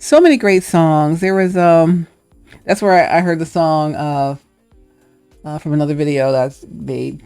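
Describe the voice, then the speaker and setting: A woman's voice: sits low, measured pace, darkish tone, smooth, no echo, soft background music. A woman hosting her own video, chatting casually and thinking aloud, laughing often. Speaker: host. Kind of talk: casual chat.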